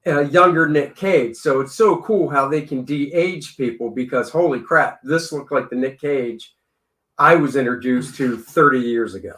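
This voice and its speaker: A man's voice: medium pitch, normal speed, fairly bright tone. A man co-hosting a casual movie review chat, chatty and joking.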